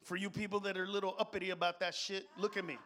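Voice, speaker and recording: A middle-aged man doing stand-up comedy, profane and animated, swinging from mutters to shouts. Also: high voice, rapid-fire.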